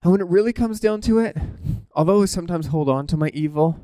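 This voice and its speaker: An animated male preacher who talks informally and often interrupts his own thoughts. His voice sits a little higher than most men's. The sound is close and dry. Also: fast talker, no room sound. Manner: animated, informal, self-interrupting, laughs at himself. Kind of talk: conversational sermon.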